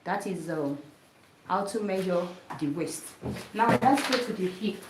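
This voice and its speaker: A woman's voice: fairly low pitch, expressive, unhurried, very noisy. A woman teaching a sewing class by demonstrating on a mannequin, who talks patiently, repeats each step and keeps asking if you saw it. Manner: patient, repeats steps, asks "did you see it?". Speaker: sewing instructor. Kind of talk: hands-on demonstration lesson. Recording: echoey room, voice from a distance.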